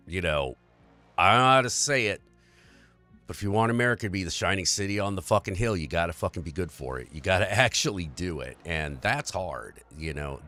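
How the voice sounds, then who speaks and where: A man's voice: deep voice, sharp tone. A man hosting a livestream, in an earnest, rambling and profane rant about society. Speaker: livestream host. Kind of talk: casual political rant.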